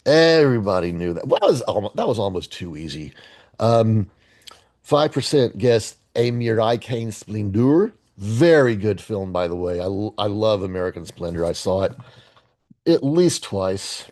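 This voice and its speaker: A man's voice: lowish voice, big pitch swings, normal speed, darkish tone. A man hosting his daily movie guessing game video, talking casually with rambling, profane sarcasm and stammered restarts. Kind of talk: casual solo commentary.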